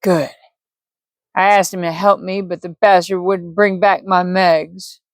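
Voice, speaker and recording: A woman voicing a drunk, grieving, hostile older man with a raspy, slurred voice. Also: on the low side, flat delivery, measured pace, no echo, studio quality, natural voice. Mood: angry drunk.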